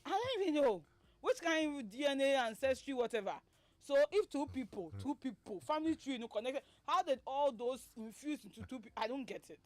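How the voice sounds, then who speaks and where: A woman's voice: high voice, animated, brisk, no room sound. Playful Ghanaian woman radio presenter, dry studio. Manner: playful, teasing, bursts into laughter. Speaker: radio entertainment news presenter. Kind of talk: radio chat show banter. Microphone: studio microphone.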